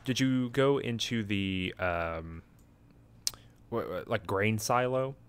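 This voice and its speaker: A man's voice: on the low side, takes it slowly, clear, resonant tone, no room sound. A sleepy man in casual chat, rambling and chuckling as he retells a video game and quotes its characters. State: sleepy, yawning.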